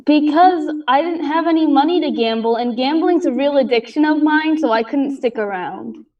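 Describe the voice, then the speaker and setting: A woman playing in a tabletop role-play session, chatty and animated. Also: sits high, normal speed. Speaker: player. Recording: distant, dull remote mic.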